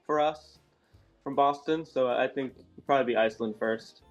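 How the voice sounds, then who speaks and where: A man's voice: mid-range voice, moderate pace, faint music behind. An American man from Massachusetts, a guest in a casual interview, chatting in a friendly, rambling way. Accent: American English. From Massachusetts, USA. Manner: friendly, rambling with fillers and laughs.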